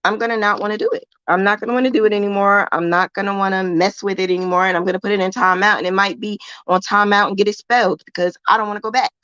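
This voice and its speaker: A blunt, self-assured woman talks through a crochet lesson in a loose, colloquial way, repeating herself to drive points home. Her voice sits at a middle pitch. The sound is dry and a little dull, as if recorded close in a small room. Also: steady tone, racing, hardly any pauses, sharp tone, clean tone, dry recording. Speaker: crochet teacher and livestream host. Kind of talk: casual livestream lesson.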